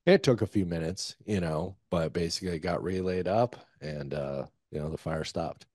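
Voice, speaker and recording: Veteran man, very deep and husky, rambling profane storyteller, dry recording. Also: normal speed, a little mellow, dry recording. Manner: loose, profane war storytelling with many fillers. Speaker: guest, former Army Ranger. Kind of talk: casual storytelling interview.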